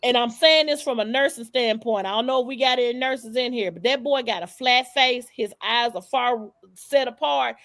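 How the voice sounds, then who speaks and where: A woman hosts a live stream, talking in a high, gravelly voice. She gossips casually, sassy and profane, and hammers her points home. The sound is dry and close, with no room echo. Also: normal speed, few pauses, fairly bright tone. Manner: sassy, profane, emphatic storytelling. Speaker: livestream host.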